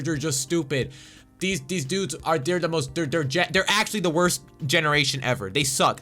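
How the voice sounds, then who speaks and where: Profane young man ranting, bright voice. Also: medium pitch. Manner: profane, heated, stammering restarts. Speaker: political vlogger. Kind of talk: casual political rant.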